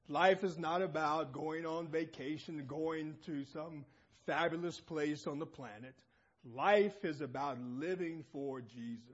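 A man's voice: fairly high pitch, a little mellow, lo-fi sound. A man preaching a sermon, emphatic and calling out questions to the congregation in a church assembly.

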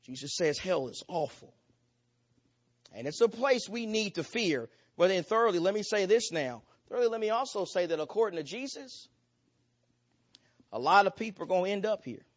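A man with a high voice preaches a sermon. He repeats his points and pushes his delivery harder as he goes. The recording sounds dull and lo-fi. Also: expressive, normal speed. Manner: emphatic, repetitive preaching cadence with rising intensity.

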